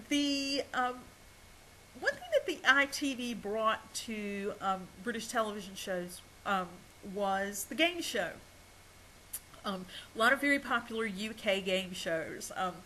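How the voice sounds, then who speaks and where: A woman's voice: medium pitch, sharp tone, slight background noise, poor audio. A woman giving a recorded college lecture, hesitant, with many ums and restarts and small laughs at herself.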